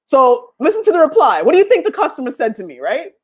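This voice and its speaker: A middle-aged woman gives a motivational podcast talk in a bright, high voice. Her pitch swoops widely as she tells stories and acts out old conversations, often breaking into laughter. The delivery feels animated and personal. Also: fast. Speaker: podcast host.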